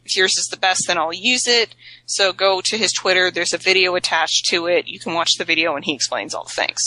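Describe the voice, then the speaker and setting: A woman's voice: lowish voice, fairly quick, sharp tone, rough recording. A woman co-hosting a casual chat show, playfully reading social media posts aloud and teasing her co-host. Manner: playful, reads quotes aloud with voices.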